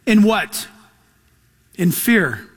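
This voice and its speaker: A male pastor preaching a sermon, emphatic, swinging between loud passages and hushed ones. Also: high-pitched, big pitch swings, extremely slow, husky.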